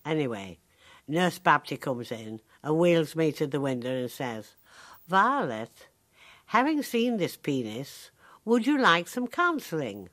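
A woman's voice: low-pitched, unhurried, exaggerated voice. A dry-witted Northern English woman of ninety-five. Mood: wry. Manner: dry, deadpan, wry storytelling. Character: sharp-tongued woman of ninety-five in a care home. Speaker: monologue character. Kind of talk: dramatic monologue.

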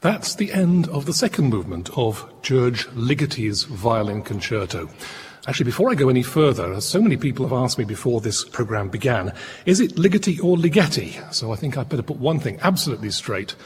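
A man hosting a radio music programme, explaining with expressive enthusiasm. His pitch moves about in an animated way. The recording has a long hall reverb with faint ambient noise behind. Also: a little fast.

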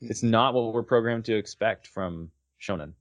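A man's voice: fairly low pitch, moderate pace, no room sound, lo-fi sound. A man co-hosting a casual podcast, analyzing an anime and asking pointed questions. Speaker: podcast co-host.

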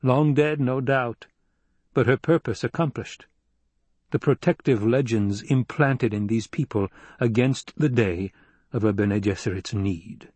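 Brief: male narrator, mid pitch, husky, measured storytelling, dry close sound. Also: a little mellow, no room sound. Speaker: audiobook narrator. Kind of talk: scripted narration.

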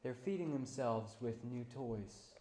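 A pastor preaching a sermon, moving between quiet, low passages and loud, high-pitched climaxes. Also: male voice, expressive, measured pace, reverberant.

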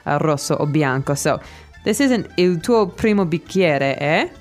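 A woman hosting a language lesson podcast, explaining phrases slowly and repeating them. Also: sits low, expressive, faint music behind.

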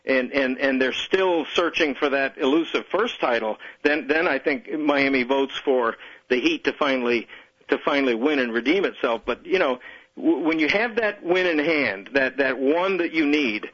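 A man talking as a guest on a sports radio show, halting with many restarts. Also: medium pitch, expressive, fairly bright tone. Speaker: guest caller. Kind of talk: casual sports radio talk. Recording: dull lo-fi radio sound.

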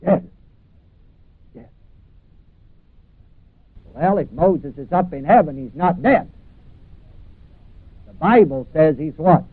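A man's voice: on the high side, expressive, a little slow, long pauses, slightly rough, dry recording, phone-quality sound. A man preaching a sermon with emphatic repetition and questions put to his congregation. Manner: emphatic, repeats phrases, asks congregation questions.

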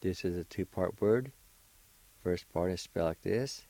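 Man, radio language lesson, slow and patient, low mellow voice, dry sound. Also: lively intonation, no echo, poor audio. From Oklahoma, US. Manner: encouraging. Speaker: language teacher and radio host.

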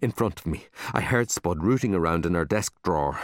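A man narrating a children's story in an expressive, animated reading. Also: low-pitched, a little fast, dry recording, clean studio sound. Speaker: audiobook narrator.

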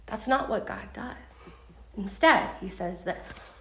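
A young woman leading a casual Bible lesson for a group, talking in a chatty way with lots of fillers and lively storytelling. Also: medium pitch, slow, slight background noise. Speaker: Bible study teacher. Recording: roomy echo.

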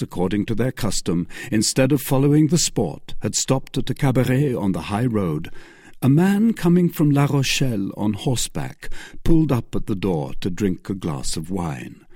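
A man reads a classic adventure novel aloud in an expressive audiobook style. His voice is husky and his pitch moves widely. The recording is dry, with no room echo. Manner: expressive, varied pitch reading. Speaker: audiobook reader.

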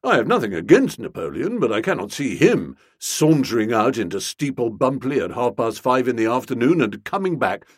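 A brash, talkative young man, as a male reader puts him on, hearty and emphatic with a wildly lively lilt, in the manner of a storybook reading. The voice is somewhat husky and the recording dry and close. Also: mid-range voice, no room sound.

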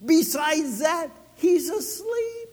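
A man preaching a sermon, telling a story with dramatic swings between loud and soft. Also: very high voice, expressive, takes it slowly, in a large hall. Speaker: pastor.

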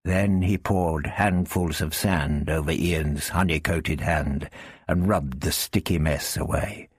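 A man narrating an adventure story with steady, tense delivery. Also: rumbling low, slow pace, slightly rough, dry recording, clean studio sound. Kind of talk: audiobook reading of an adventure story.

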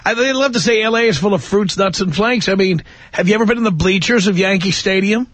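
A middle-aged man hosting a call-in radio show, blunt and sarcastic, quick to argue with callers. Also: high-pitched, fairly bright tone, no echo. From New York area. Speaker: radio talk show host. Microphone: studio mic.

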